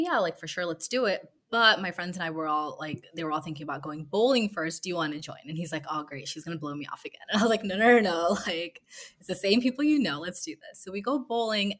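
A woman in her twenties with a low, grounded voice tells a dating story in a relaxed, chatty way. She fills it with "like" and "um" and acts out little bits of dialogue. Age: 20s. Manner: chatty, many fillers and quoted dialogue. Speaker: guest telling a dating story. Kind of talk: casual storytelling.

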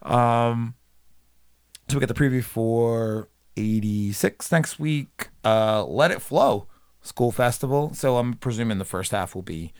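Profane, animated man recapping an anime. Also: mid-range voice, clear, resonant tone. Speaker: podcast co-host. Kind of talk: casual chat recapping an anime episode.

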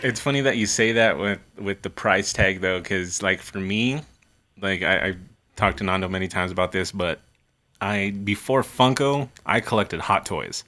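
A man's voice: deep voice, normal speed, pushed and bright. A young adult man, a podcast guest, talking earnestly and rambling with many fillers. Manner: earnest, rambling, full of "you know". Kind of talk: casual chat.

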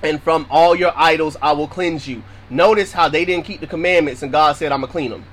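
A man's voice: fairly high pitch, fairly quick, a bit bright, low-quality recording. A man preaching on scripture in a casual, emphatic way, repeating his points to drive them home. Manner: casual, informal phrasing. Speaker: Bible teacher.

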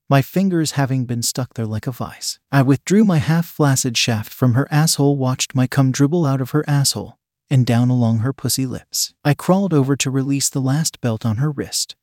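A man narrating a first-person story in a steady, measured reading voice. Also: mid-range voice, dry recording, clean studio sound.

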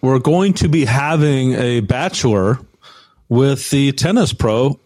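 Wry, halting man in a podcast chat. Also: medium pitch, lively intonation, a little mellow, dry recording. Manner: hesitant, restarts sentences, wry. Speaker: podcast guest.

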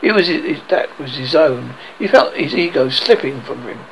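A man narrating an audiobook in an expressive way, now and then stumbling and rereading words. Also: on the high side, moderate pace, creaky, rough recording. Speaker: reader.

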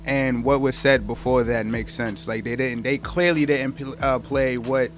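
A man's voice: mid-range voice, steady tone, normal speed, faint music behind. A man co-hosting a casual chat show, talking loosely and rambling with lots of fillers. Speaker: co-host.

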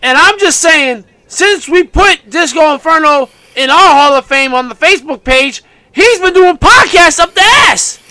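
A man with a high, bright voice rants heatedly on a casual podcast and breaks into shouts now and then. The sound is dry and close, with little room around him. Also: lively intonation, moderate pace, no echo. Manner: heated ranting, bursts of shouting. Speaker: podcast co-host.

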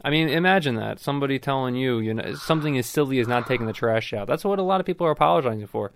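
A man's voice: medium pitch, lively intonation, racing, vocal fry, slight background noise. A young man hosting a casual chat, rambling and joking with frequent swearing and restarts. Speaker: host.

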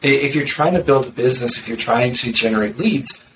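A blunt, sarcastic man talks marketing in a loose podcast chat, tripping over quick restarts. He sounds set back from the mic in a roomy space. A faint background noise sits under his voice. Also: medium pitch, a bit bright, recorded from a distance. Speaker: marketer discussing content strategy. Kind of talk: casual podcast conversation.

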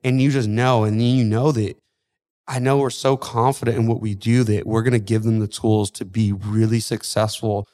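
A man's voice: fairly low pitch, little pitch movement, normal speed, darkish tone. A man co-hosting a casual podcast, a fitness coach speaking earnestly and steadily about his team.

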